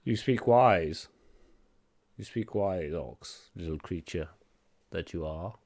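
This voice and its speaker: A man voicing a huge, ancient male blue dragon who speaks in grand, slow, haughty pronouncements. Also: deep voice, darkish tone, no room sound, clean studio sound, exaggerated voice. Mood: condescending.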